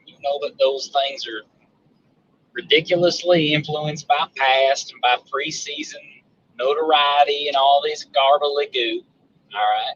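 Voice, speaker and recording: A man's voice: on the high side, a bit bright, muffled recording. A man with a Southern accent calling in to a live sports show, talking in a folksy, teasing drawl. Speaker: caller. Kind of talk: casual call-in banter.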